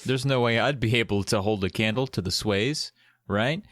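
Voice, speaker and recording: A man's voice: on the low side, normal speed, a bit bright, dry recording. A man co-hosting a podcast, chatting casually about a film with wry jokes and the odd mock accent. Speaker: podcast co-host. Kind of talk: casual movie recap chat.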